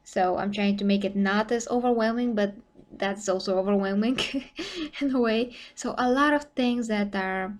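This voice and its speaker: A young woman from Bulgaria hosts a casual live stream, speaking English with a Bulgarian accent. She rambles from thought to thought and leans on "you know" fillers. Her pitch sits in a middle range, and her voice is getting tired from talking for a long time.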